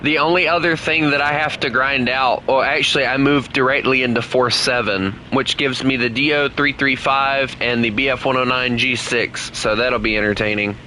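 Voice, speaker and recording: A man's voice: mid-range voice, normal speed, hardly any pauses, slight background noise, rough recording. A man giving casual, joking commentary while playing a game with a friend. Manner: joking, animated banter with a friend. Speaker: gaming streamer.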